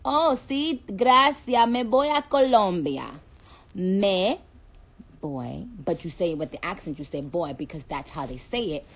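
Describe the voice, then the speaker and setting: A woman's voice: mid-range voice, moderate pace, hardly any pauses. A woman hosting a casual phone livestream, reading out viewer comments in a playful, chatty way and dropping in Spanish phrases.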